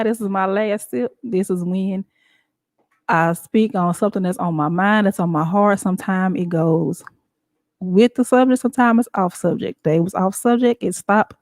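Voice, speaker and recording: A woman hosting a show, talking in a casual, animated and emphatic way with frequent laughs. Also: mid-range voice, no echo. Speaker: show host. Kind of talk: casual talk-show monologue.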